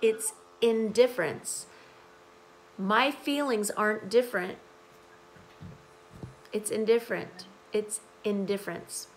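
An American woman teaching English who explains song lyrics to learners slowly and patiently, repeating key phrases, with a hoarse morning voice. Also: medium pitch, a little hiss or hum, low-quality recording.

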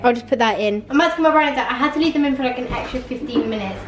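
A young woman talks to her camera in a casual, chatty vlog. Her voice sits high, and she complains playfully and keeps things animated. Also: very fast, background noise. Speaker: vlogger. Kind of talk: casual chat.

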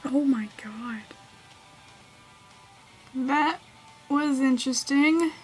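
Gamer woman, high and unhurried, yelping over her game, with faint music underneath. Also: poor audio. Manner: yelps and squeals at the game. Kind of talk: let's play commentary.

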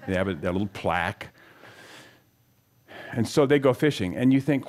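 A man's voice: on the low side, expressive, brisk, long pauses, darkish tone. Earnest man teaching scripture to an audience. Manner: asks the audience questions, storytelling, earnest. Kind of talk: conversational Bible teaching.

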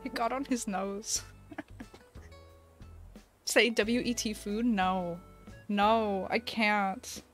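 A woman's voice: mid-range voice, steady tone, very slow, long pauses, a bit bright, faint music behind. A woman streamer chatting casually on a live stream, giggling often and talking to her pets. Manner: bubbly, giggly, baby-talks to her pets.

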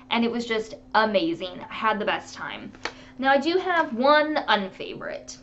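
Chatty woman vlogger, kinda high voice, faint hiss in the background. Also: dull audio. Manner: chatty, animated storytelling with laughs. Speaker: beauty vlogger. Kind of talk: casual chat to camera.

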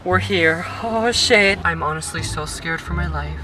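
A young woman vlogging casually, excitable and squealing, swearing freely. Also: lowish voice, a little slow. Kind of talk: casual vlog chat. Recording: music playing behind the talk.

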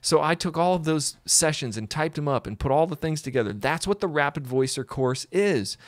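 Animated, fairly high-voiced male piano mentor. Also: a little fast, no room sound. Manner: animated, repeats words, acts out quoted voices. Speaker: piano technician and tuning mentor. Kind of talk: casual promotional storytelling.

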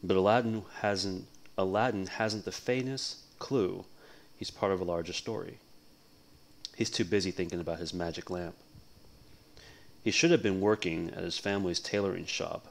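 Deep-voiced man reading a novel aloud. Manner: casual, relaxed, chats between passages. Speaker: livestream book reader. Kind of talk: reading a novel aloud, casual cold read.

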